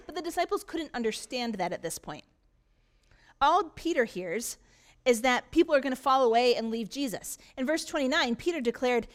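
High-voiced woman pastor preaching. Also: sing-song, brisk. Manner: storytelling, earnest, frequent restarts. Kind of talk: sermon. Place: church.

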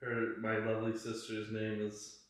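A man's voice: on the low side, monotone, moderate pace. A man co-hosting a podcast, chatting casually in a crude, rambling way full of swearing and fillers. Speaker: podcast co-host. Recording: very roomy, echoey room.

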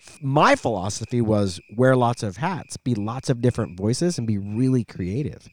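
A middle-aged man co-hosting a podcast, an animated storyteller who used to be a radio voice guy, chatting casually. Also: medium pitch, normal speed. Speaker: podcast co-host.

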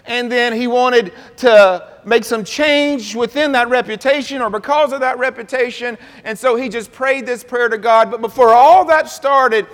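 A man preaching a sermon, calling on the congregation to answer back, his voice rising and growing louder as he builds a point. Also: very high-pitched, moderate pace, hardly any pauses. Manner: call-and-response preaching, asks the congregation to repeat words. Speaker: pastor. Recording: long reverb of a large hall.

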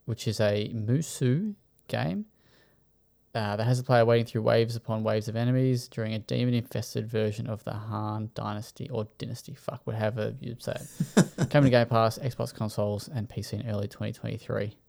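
A man's voice: on the low side, fairly even intonation, normal speed, gravelly, a little mellow. A man hosting a casual chat, running through news items with plenty of filler words. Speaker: podcast host.

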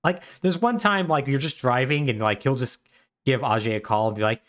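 A man's voice: mid-range voice, fairly quick, fairly bright tone. A man co-hosting a podcast, casually retelling a story with wry humor and lots of fillers. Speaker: podcast co-host. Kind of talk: casual chat recapping a video game plot.

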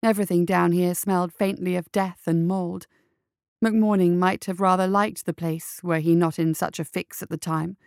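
A woman narrating a story as an audiobook, in a measured, even storytelling manner. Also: lowish voice, creaky, smooth, no echo, clean studio sound.

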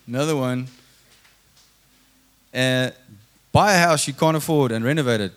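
A man's voice: fairly high pitch, expressive, normal speed, long pauses. A man, likely in his thirties, preaching a sermon and telling a personal story, acting out his own inner dialogue.

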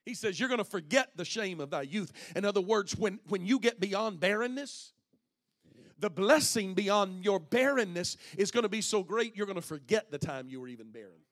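A man preaching a sermon to his congregation, reading scripture aloud and calling out to the listeners, swinging between loud passages and hushed ones. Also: sits high, expressive, normal speed. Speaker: pastor.

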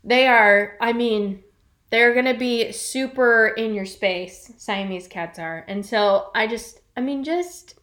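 A woman's voice: fairly high pitch, takes it slowly, a bit bright. A woman in casual conversation, agreeable, often chiming in with short replies. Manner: agreeable, frequent short backchannels. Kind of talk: casual chat.

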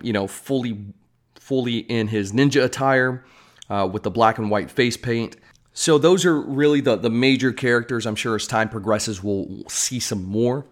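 A man giving casual, rambling commentary on upcoming films as a vlogger, with joking asides. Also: on the low side. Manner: chatty, rambling, self-deprecating asides. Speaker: movie news vlogger.

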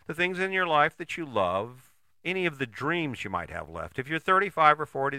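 A man's voice: medium pitch, bright, forceful tone, no echo, clean studio sound. A man giving a blunt, profane, emphatic motivational monologue, full of rhetorical questions and restarts.

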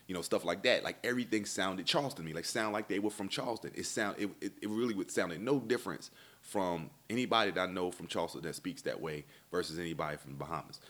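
A man with a low, deep voice spins a rambling comic travel story as a stand-up comedian. He slips into the voices of the people he met, quoting them with animated back-and-forth. His casual delivery stays conversational. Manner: animated, acts out dialogue in voices.

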